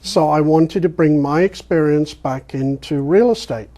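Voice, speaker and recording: An older man from England with an English accent that keeps its R's, answering interview questions as a guest in a rambling storytelling way with many ums and pauses. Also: a little high, dark tone. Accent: English, pronouncing his R's. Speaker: guest, real estate investor.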